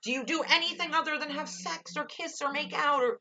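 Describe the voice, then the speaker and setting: A woman's voice: high voice, steady tone, fairly quick, bright, forceful tone. A young woman casually reviewing a TV episode, gushing and ranting with lots of "like" and swearing.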